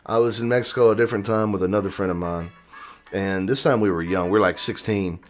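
A man's voice: fairly low pitch, fairly even intonation, fast, soft background music. A young man from Texas co-hosting a podcast, telling stories in casual chat and acting out other people's lines. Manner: laughing storyteller, acts out quoted voices. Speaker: podcast co-host.

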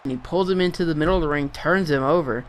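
A young man giving casual play-by-play commentary over a wrestling video game, getting excited and swearing at big moves. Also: a little high, fast talker, a little hiss or hum. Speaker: gameplay commentator.

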